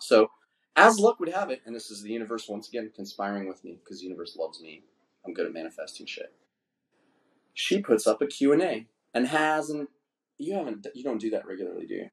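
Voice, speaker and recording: A man's voice: lowish voice, sing-song, fairly quick, a bit bright. A man in his fifties hosting a podcast, telling a long, crude, boastful story in casual chat. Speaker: podcast host.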